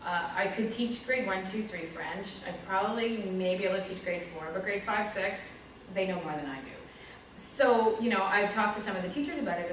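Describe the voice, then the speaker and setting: A woman teacher with a Canadian English accent talks frankly about her work, poking fun at herself. Her voice sits at a middle pitch. It is recorded from some distance in a very echoey room with faint ambience behind it. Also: lively intonation, fairly quick, a bit bright, slight background noise. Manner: candid, self-deprecating, with acted-out asides. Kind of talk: reflective talk on her teaching practice.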